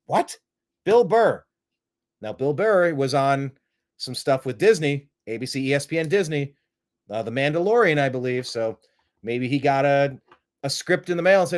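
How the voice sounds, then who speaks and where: A man's voice: mid-range voice, expressive, normal speed. A man hosting a live-streamed talk show, rambling through opinionated commentary and throwing out rhetorical questions. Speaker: host.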